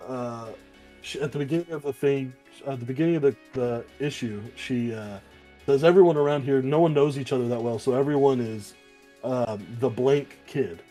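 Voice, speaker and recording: A man talks through a comic issue in a loose, rambling way, swearing often and slipping into the characters' lines. His voice is mellow and dark, at a middle pitch. Faint music plays in the background. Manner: rambling, profane, acts out characters in quick asides. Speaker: podcast co-host. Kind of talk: casual comic book review chat.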